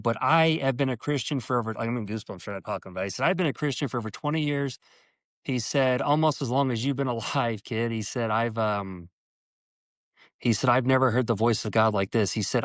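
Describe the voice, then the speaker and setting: A man as an interview guest telling a personal story earnestly, halting and restarting, and acting out quoted dialogue with his voice jumping up in pitch. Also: dry recording.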